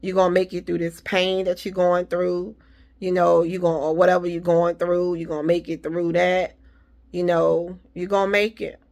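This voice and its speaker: A woman's voice: lowish voice, little pitch movement, normal speed, gravelly, a little mellow. A woman talking casually to her viewers, giving faith-filled encouragement and repeating her reassurances. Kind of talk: casual motivational talk.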